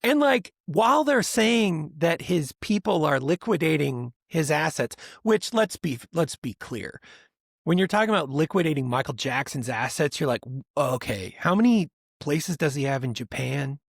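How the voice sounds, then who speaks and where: A man co-hosting a podcast in casual chat, rambling and animated, often mimicking other people's voices for laughs. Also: fairly high pitch, normal speed, creaky, husky, no room sound, clean studio sound. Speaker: podcast co-host.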